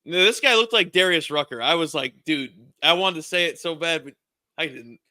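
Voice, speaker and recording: Excitable male podcast co-host, high and bright, laughs a lot while storytelling. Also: normal speed. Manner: laughs through his stories, excitable. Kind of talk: casual storytelling chat.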